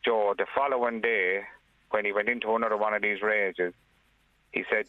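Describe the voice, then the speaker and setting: An Irish man talks plainly and earnestly, often restarting his sentences. His voice sits a little low and comes through a narrow, phone-like line with no room sound at all. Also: fairly even intonation, normal speed, dry recording. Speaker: caller, father. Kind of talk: radio phone-in conversation. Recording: dry tinny phone line.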